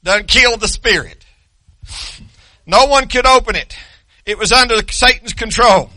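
A man's voice: very high-pitched, normal speed, pauses often, sharp tone, no echo. An older man preaching a sermon in an emphatic, repetitive way, with many hesitations.

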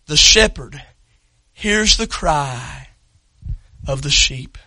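Man, pastor, impassioned sermon, very bright, dry close sound. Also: fairly high pitch, animated, extremely slow, no room sound, poor audio. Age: adult parent. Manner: impassioned, dramatic storytelling, swings to shouting.

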